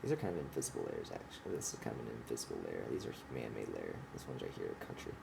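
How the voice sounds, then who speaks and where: Gravelly, swearing man ranting. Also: very deep voice, very animated, racing, background noise. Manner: profane, impassioned, restarts often; explains while pointing at a drawing. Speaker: vlogger explaining his ideas. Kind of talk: rambling casual monologue.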